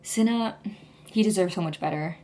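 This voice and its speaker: A woman's voice: fairly low pitch, moderate pace, creaky, mellow. A young woman vlogger rambling in a casual, gushing chat, full of "like" and restarts. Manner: gushing, rambling, heavy use of "like".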